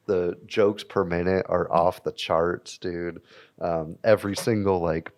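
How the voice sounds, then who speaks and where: A man's voice: deep voice, vocal fry. A man co-hosting a casual podcast, hyping things up with swearing and slang. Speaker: podcast co-host.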